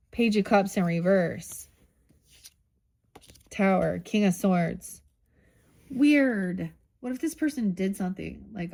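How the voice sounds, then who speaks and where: A woman's voice: medium pitch, a little mellow. A middle-aged woman doing a casual tarot reading, thinking aloud, rambling and swearing offhandedly. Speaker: tarot reader.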